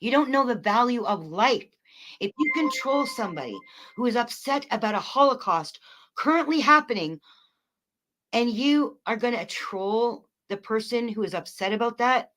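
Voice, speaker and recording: A woman livestreaming, ranting at her chat in a profane, mocking way, swinging between loud outbursts and quiet remarks. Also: fairly high pitch, expressive, measured pace. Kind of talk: angry livestream rant to chat.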